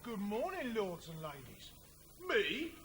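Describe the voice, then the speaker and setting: An actor playing a brash, mocking tabloid columnist who talks in laddish slang and catchphrases. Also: male voice, high-pitched, huge pitch swings, slow, crowd noise, background noise, exaggerated voice. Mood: jeering. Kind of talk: comedy sketch monologue.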